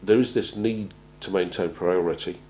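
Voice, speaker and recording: A man gives a measured talk on crisis planning, often pausing and repeating words as he goes. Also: low-pitched, steady tone, darkish tone, a little hiss or hum, rough recording. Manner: measured, halting, repeats words while finding them. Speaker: presenter on organisational crisis planning. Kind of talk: prepared talk to an audience.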